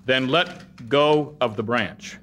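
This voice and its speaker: A man voicing a calm voice of God speaking from above, slow and solemn. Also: mid-range voice.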